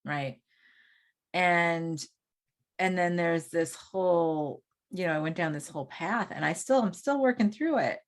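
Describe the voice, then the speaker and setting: A woman's voice: lowish voice, a little slow. A middle-aged woman co-hosting a spiritual podcast, talking casually and musing aloud with many restarts. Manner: rambling, restarts thoughts, muses aloud. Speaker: podcast co-host and coach.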